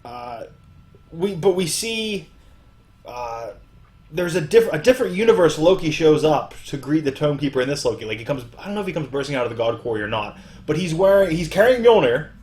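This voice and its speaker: A man's voice: a little high, very animated, brisk, darkish tone. A young man hosting a podcast in casual chat, recapping at length with many fillers. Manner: rambling recap full of fillers. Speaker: podcast host.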